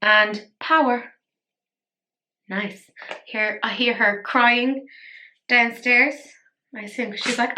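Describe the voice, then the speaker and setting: A woman's voice: fairly high pitch, fairly even intonation, takes it slowly, pauses often, bright, forceful tone. A tired woman chatting playfully through a casual makeup tutorial, poking fun at herself. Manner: chatty, playful, self-mocking. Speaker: beauty vlogger.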